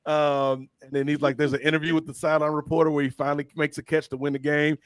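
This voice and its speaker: Animated man retelling movies. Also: on the high side, fast talker, clear, resonant tone, dry recording, studio quality. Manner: animated storyteller, acts out scenes. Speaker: podcast host. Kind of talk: casual chat.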